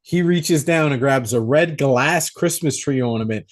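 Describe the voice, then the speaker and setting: A young man co-hosting a podcast, recapping a horror movie in a profane, animated way. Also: mid-range voice, measured pace. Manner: profane, animated storytelling with acted-out quotes. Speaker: podcast co-host. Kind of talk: casual movie recap chat.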